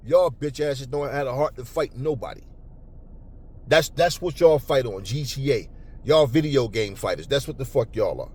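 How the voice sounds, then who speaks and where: A man hosting a boxing talk channel, ranting angrily and profanely at commenters, stumbling over repeated words when worked up, then cooling into calmer talk. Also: normal speed, slightly rough. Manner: calmer and lower later on. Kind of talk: angry unscripted rant to camera.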